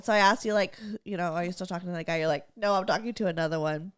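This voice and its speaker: A woman's voice: fairly low pitch, racing, clear, resonant tone. A woman guest on a casual podcast, talking playfully with small hesitant restarts. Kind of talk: casual chat.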